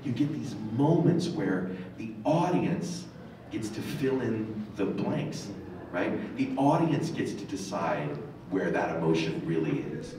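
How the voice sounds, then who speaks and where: Voice director dude giving acting advice on a panel, tells stories, super echoey room, faint hum behind. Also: male voice, on the low side, expressive, slow, distant mic. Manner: thoughtful, storytelling, emphatic asides. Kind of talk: reflective panel talk.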